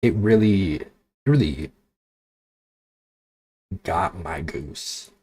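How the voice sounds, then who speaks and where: A man's voice: sits low, lively intonation, extremely slow, a little mellow, breathy edge, no echo. A man streaming as a VTuber, ranting casually with exasperation, swearing and sarcasm. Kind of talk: casual livestream chat.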